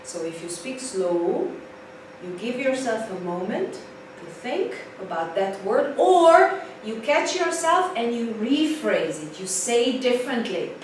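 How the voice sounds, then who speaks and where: A woman teaching an English class in a lively way, repeating key points for emphasis. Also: on the high side, takes it slowly. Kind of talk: live class lecture. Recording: distant mic, very echoey room, faint noise.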